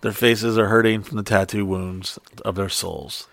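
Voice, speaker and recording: A man's voice: on the low side, steady tone, moderate pace, creaky, fairly bright tone, no room sound, clean studio sound. A man telling a story in a casual, profane chat, rambling and stopping to restart often.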